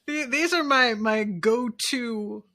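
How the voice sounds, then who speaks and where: A woman's voice: fairly high pitch, takes it slowly, sharp tone. A woman co-hosting a podcast in casual chat, rambling and self-mocking, with lots of giggles. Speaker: podcast co-host.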